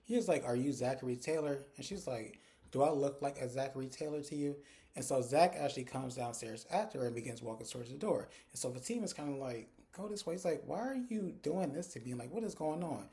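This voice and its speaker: A man's voice: mid-range voice, fairly quick, gravelly. Man casually recapping a TV episode. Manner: animated retelling, acting out characters' lines; chatty, addresses viewers directly. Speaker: TV recap reviewer.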